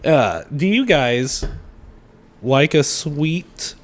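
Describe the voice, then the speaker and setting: A man co-hosting a comedy podcast, chatting casually and making deadpan, self-mocking jokes. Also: on the high side, drawn-out words. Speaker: podcast co-host.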